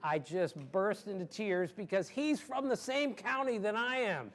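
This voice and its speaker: A man in his sixties with a fairly high voice tells stories to an audience in an animated, emphatic way. He laughs easily and leans hard on key words. He is from Maryland. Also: unhurried. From Maryland, USA. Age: 60s. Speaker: guest sportswriter. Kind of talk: storytelling in an audience Q&A.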